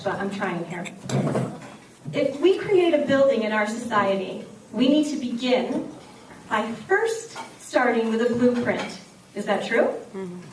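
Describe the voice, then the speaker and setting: A woman tells a story in a keynote speech, playing the voices of her characters. Her voice sits high. Cutlery and dishes clink in the background of a roomy dinner hall. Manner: lively storyteller, acts out voices of children and herself. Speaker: keynote speaker and teacher. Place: banquet hall. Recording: echoey hall recorded from far off, dinner noise.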